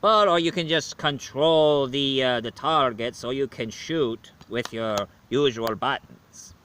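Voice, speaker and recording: A man playing Dracula, a male vampire who is tired of killing, giving a slow, rambling video game review in character. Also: medium pitch, fairly bright tone, slight background noise. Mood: weary. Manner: slow, rambling, self-correcting.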